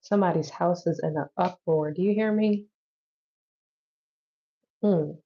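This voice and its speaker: Casual low-voiced woman tarot reader. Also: unhurried, warm tone. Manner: loose, chatty, swears and laughs easily. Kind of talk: casual tarot reading to camera. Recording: dull lo-fi audio.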